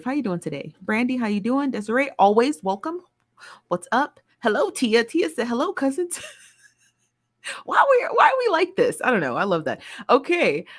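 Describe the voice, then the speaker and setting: A woman hosting a live stream, chatting casually and playfully while greeting viewers by name. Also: fairly high pitch.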